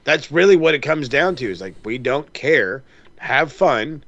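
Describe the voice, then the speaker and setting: A man co-hosting a podcast, chatting casually with a profane, animated ranting manner. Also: on the high side, a little slow, no echo, highs cut off. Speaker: podcast co-host. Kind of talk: casual chat.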